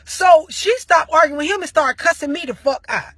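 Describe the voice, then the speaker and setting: A woman vlogger tells a story in an animated, slang-heavy rant full of profanity. Her voice is very high and bright with a husky edge. The sound is dry and close, with no room echo. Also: moderate pace.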